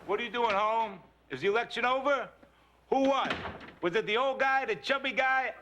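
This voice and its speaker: A whimsical, theatrical house painter. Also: male voice, extremely high pitch, normal speed, pushed and bright, lo-fi sound. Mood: chatty. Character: eccentric gentle male house painter. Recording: studio audience laughter, noisy.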